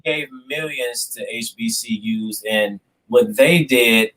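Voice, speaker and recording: A man's voice: mid-range voice, slow pace, a loud crowd, low-quality recording. A man moderating a casual debate, asking leading questions and drawing out his words.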